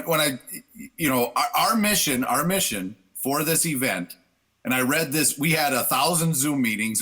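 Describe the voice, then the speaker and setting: A man's voice: medium pitch, bright, forceful tone. A man who chaired a local event, talking earnestly and upbeat on a radio show, often restarting his sentences. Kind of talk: casual radio chat.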